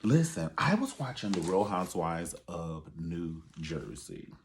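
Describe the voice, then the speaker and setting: A man's voice: deep voice, very animated, unhurried, slight background noise. A man giving sassy, profane pop-culture commentary and calling his listeners honey. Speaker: online show host.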